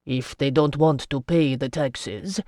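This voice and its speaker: Narrator reads a weary male merchant lord: slow, level, patient, dry close read. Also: medium pitch, smooth, no room sound, natural voice.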